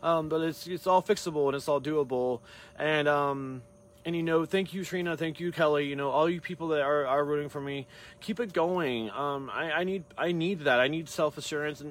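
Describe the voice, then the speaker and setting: A man's voice: fairly high pitch, moderate pace. A hairstylist man talking casually to his camera, rambling through a long story with many tangents and restarts.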